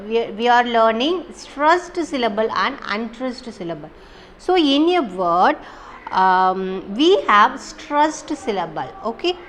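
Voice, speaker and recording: A woman with a fairly high voice gives a recorded lesson. She reads a passage from the textbook, then explains it again in plainer words. Her talk is full of "okay" and "what is that.". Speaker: English teacher. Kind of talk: recorded online class lesson.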